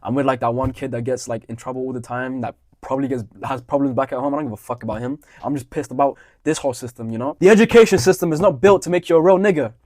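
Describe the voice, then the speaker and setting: A man's voice: mid-range voice, fast talker, hardly any pauses, darkish tone, no room sound, clean studio sound. A young adult man, telling a profane, heated story in a blunt monologue. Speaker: vlogger.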